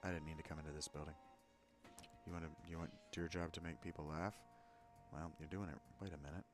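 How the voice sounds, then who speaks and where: A man giving casual, joking commentary over a video game in quick, quiet asides. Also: rumbling low, little pitch movement, over music. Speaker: gameplay commentator.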